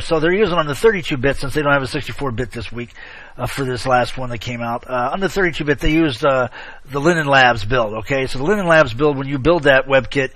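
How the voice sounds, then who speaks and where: Chatty male online show host, bright tone. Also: medium pitch, dry recording. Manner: rambling, chummy, sarcastic asides, frequent shout-outs. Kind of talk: casual chat, rambling commentary.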